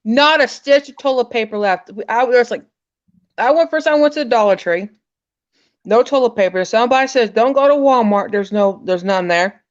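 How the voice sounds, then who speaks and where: A woman's voice: a little high, lively intonation, moderate pace. Blunt Alabama woman, muffled audio. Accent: Southern US, Alabama. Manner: frank, blunt, talkative. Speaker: livestream co-host. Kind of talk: casual livestream chat.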